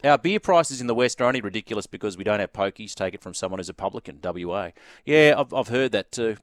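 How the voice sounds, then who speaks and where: A man's voice: on the low side, animated, fast talker, no room sound, studio quality. A man with an Australian accent hosting a sports radio quiz and chatting easily with callers in a jovial way. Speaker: radio host.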